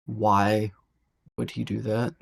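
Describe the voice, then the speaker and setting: A man playing a tabletop role-playing game, speaking his character's lines in a measured, deliberate way. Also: on the low side, level tone, vocal fry.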